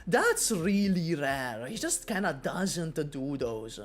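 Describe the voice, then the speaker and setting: An Italian woman with an Italian accent chats with her stream viewers in a casual, joking way, animated and talking straight to chat. Her voice sits low and her pace is slow.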